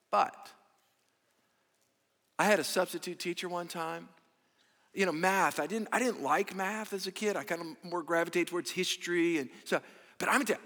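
High bright-voiced preacher in an echoing hall. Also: male voice. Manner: emphatic, drawn-out stressed phrases, swings between loud and hushed. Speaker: pastor. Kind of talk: sermon. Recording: echoey hall with long reverb.

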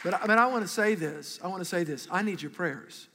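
A man in middle age preaching a sermon in a high, bright, ringing voice. He talks with the congregation in a lively, conversational way and has them call back answers. The sound carries a long reverb from a large church hall. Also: a little fast, a faint crowd. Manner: animated, conversational preaching with audience call-and-response. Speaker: pastor.

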